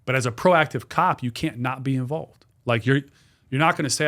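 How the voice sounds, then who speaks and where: Man in his forties, mid-pitched voice, lively podcast guest who repeats himself and swears. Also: fairly quick. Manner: animated, repetitive, swears freely. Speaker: guest, dog trainer and business owner. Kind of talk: casual podcast storytelling.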